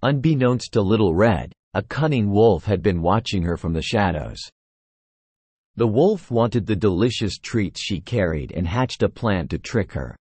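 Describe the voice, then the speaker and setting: A man's voice: fairly low pitch, animated, a little slow, a little mellow, breathy edge, no room sound. A man narrating a fairy tale in a scripted storytelling style.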